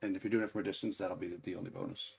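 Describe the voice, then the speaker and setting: A man's voice: deep voice, fairly even intonation, rapid-fire, gravelly, husky. A man running a tabletop game as game master, explaining rules and correcting himself as he goes.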